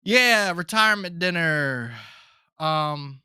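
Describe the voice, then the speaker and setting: A man's voice: a little high, expressive, slow, pushed and bright, smooth, no echo, clean studio sound. A man hosting his own podcast, talking to listeners in a loose, rambling way and calling them folks. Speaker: podcast host. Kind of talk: casual solo podcast chat.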